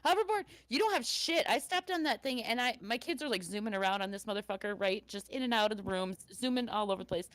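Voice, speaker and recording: A woman's voice: medium pitch, animated, fast talker, few pauses, fairly bright tone, no room sound. A middle-aged woman co-hosting a casual comedy podcast, telling stories with lots of swearing and laughter. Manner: profane, laughing storyteller. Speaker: podcast co-host.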